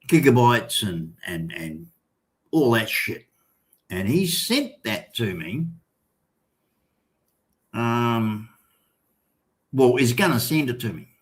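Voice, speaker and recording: An older Australian man hosts a livestream, his voice at a medium pitch. He chats casually and reads out viewer comments, rambling and halting with many restarts.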